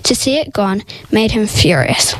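A woman reading a story aloud, careful and steady, now and then tripping over a word and correcting herself. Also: mid-range voice, measured pace, low-quality recording. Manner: reads carefully, with small stumbles and self-corrections. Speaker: story reader.

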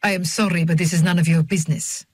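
A woman's voice: lowish voice, steady tone, fast talker, breathy edge, dry recording. A woman reading an audiobook, voicing a guarded, terse, thin man who speaks in blunt, formal, sing-song English.

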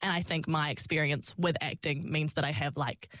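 A woman's voice: low voice, steady tone, moderate pace, a bit bright, dry recording. A young woman, chatting in an interview, laughing often and acting out her own past lines. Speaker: singer and actor, interview guest. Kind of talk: casual interview storytelling.

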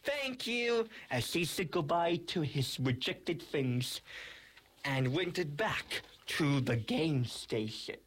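A young storyteller making up a toy adventure, rambling and excited, with frequent restarts. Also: medium pitch, slow, a little hiss or hum. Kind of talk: improvised storytelling.

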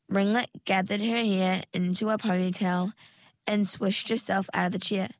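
A woman narrating a children's storybook in a slow, even, clear reading. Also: mid-range voice, dry recording.

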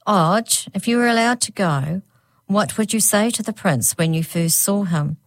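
A woman reading a gentle, soft-voiced queen and mother in a storybook. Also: mid-range voice, moderate pace, no echo, pitched above the performer's own voice, natural voice.

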